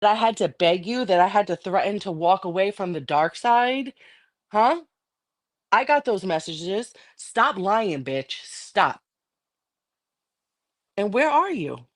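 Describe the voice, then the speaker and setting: A woman's voice: medium pitch, lively intonation, normal speed. A middle-aged woman on a livestream, ranting angrily and defiantly with constant swearing. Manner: angry, defiant, profane. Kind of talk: heated livestream rant.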